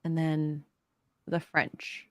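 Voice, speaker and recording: A woman co-hosting a casual podcast, bubbly and quick to laugh. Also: sits low, completely flat delivery, no room sound, studio quality. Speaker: co-host.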